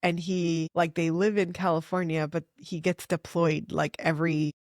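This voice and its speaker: A middle-aged woman, a fertility doctor, telling patient stories in an earnest, animated way with many "like"s. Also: on the low side, moderate pace, no echo, studio quality. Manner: earnest, animated storytelling with frequent "like". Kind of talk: conversational interview.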